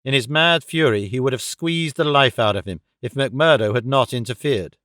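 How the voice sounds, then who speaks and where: A man narrating a thriller audiobook in a measured storytelling voice. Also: medium pitch, fairly bright tone, no room sound, clean studio sound. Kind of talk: scripted narration.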